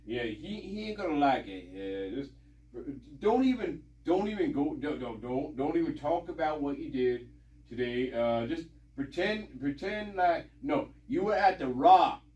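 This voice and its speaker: A man voicing a secretive accomplice who mutters insistent instructions in a low, hushed voice. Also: animated, measured pace, roomy sound, dull audio. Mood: hushed, conspiratorial. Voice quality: low muttering voice, mic-distant. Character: hushed conspiratorial man coaching a cover story.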